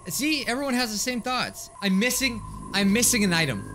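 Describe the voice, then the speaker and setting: A man playing a horror game and commenting as he goes, thinking aloud and getting loudly frustrated. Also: fairly quick, few pauses, slight background noise. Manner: excitable, thinks aloud, swings between mutters and high yelps of frustration. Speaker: gaming YouTuber. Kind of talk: let's play commentary.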